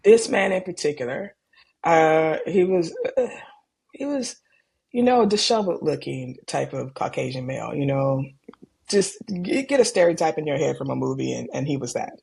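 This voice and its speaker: A middle-aged woman, an emergency room doctor, telling stories from her work in a calm, candid way and livening up when she quotes people. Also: low voice, moderate pace, vocal fry, breathy edge. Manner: calm, candid, animated when quoting others. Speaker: ER physician guest. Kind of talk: conversational storytelling.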